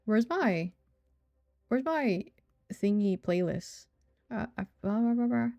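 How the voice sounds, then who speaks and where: A woman's voice: mid-range voice, lively intonation, slow, creaky, warm tone, no room sound. A young woman streamer chatting casually on a desk mic and playfully humming nonsense syllables and meowing between her chatter. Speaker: game streamer.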